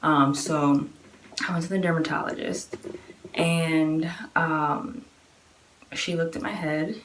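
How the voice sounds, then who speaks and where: A woman's voice: low-pitched, steady tone, takes it slowly, a little hiss or hum. A woman in her twenties casually telling a personal story, chatty and full of fillers, acting out what others said. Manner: chatty, many fillers, acts out quoted voices.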